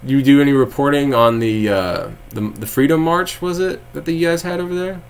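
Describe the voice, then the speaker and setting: A man's voice: mid-range voice, a little fast, creaky, clear, resonant tone. A young man from Texas, live-streaming and chatting casually with viewers, rambling with frequent laughs and sarcastic asides.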